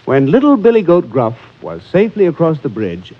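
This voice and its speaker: Lively man reading a children's story. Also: on the high side, normal speed, hardly any pauses. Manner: rhythmic, playful read-aloud. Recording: dull lo-fi with faint music.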